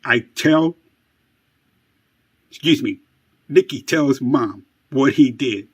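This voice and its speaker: A man telling a family story as mock-suspense narration, dramatic and hushed at times, with wry self-mocking asides. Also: medium pitch, breathy edge. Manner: dramatic, slow and hushed, building to excited outbursts.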